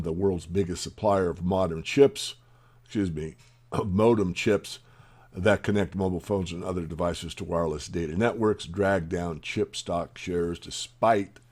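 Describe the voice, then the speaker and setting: A man with a very low voice reads out news items and breaks off to comment on them. He drops his pitch and volume at the ends of phrases, and his asides come across as blunt and opinionated. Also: darkish tone. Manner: opinionated asides between read-out headlines. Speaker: newsletter host.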